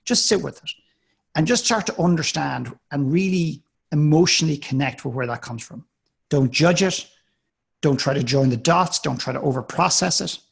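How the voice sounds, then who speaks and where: A man's voice: fairly high pitch, vocal fry, breathy edge. A man in a live coaching call, talking earnestly and directly, often restarting his words. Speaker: life coach.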